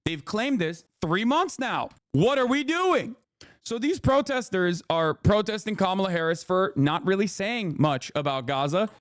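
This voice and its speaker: A man's voice: high-pitched, no room sound, clean studio sound. A man in his thirties giving blunt, profane, exasperated live reaction commentary as a political streamer.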